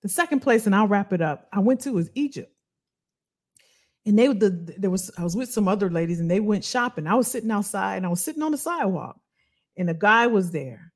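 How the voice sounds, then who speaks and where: A woman's voice: medium pitch, expressive, a little fast. A middle-aged woman giving a passionate motivational talk to her viewers and telling personal stories. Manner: passionate, emphatic, addresses viewers as "y'all"; tells personal travel stories. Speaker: career coach and video host.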